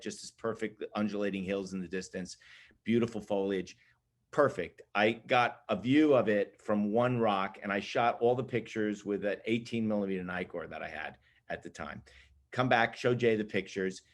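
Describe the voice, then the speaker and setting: A man, a photographer, telling a lively story about his assistant days in casual group chat over a video call. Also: lowish voice, normal speed. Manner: animated, lively storyteller who laughs at his own story.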